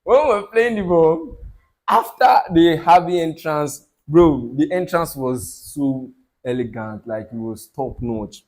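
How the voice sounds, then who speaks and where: Male vlogger, young, excitable, fairly high pitch, casual recap. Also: unhurried, poor audio. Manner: excited, laughs often, slangy.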